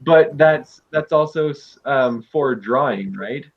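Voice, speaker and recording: A male English tutor on a video call, speaking in a middling voice and giving relaxed explanations with example sentences. The audio comes through dull and muffled. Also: mid-range voice, slow. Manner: explains usage with spoken examples. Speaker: English teacher. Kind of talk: casual online tutoring.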